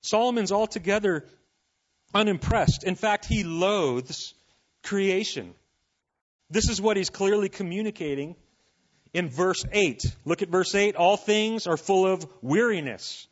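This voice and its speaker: Animated, high-voiced preaching man. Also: measured pace, lo-fi sound. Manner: animated, conversational preaching with asides to the congregation. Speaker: pastor. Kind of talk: sermon.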